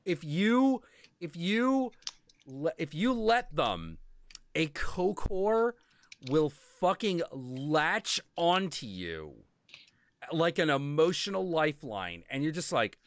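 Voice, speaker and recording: Casting: male stream host, lively up-and-down delivery, profane and rambling, dry close mic. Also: on the high side, a little slow, no echo. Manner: profane, rambling storytelling with mock-quoted voices. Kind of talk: casual chat.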